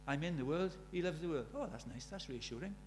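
High-voiced man preaching a lively sermon. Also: a little fast, a little hiss or hum. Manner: animated, swinging between loud emphatic lines and quiet asides.

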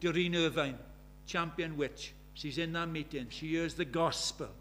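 A man's voice: fairly high pitch, unhurried, fairly bright tone, a little hiss or hum. A British man preaching a sermon, telling stories with emphasis and repeating key phrases.

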